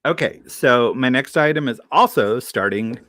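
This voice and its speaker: A man's voice: mid-range voice, lively intonation, moderate pace, fairly bright tone, no room sound, clean studio sound. A man hosting a live online sale, chatting casually about vintage items in a tired morning voice.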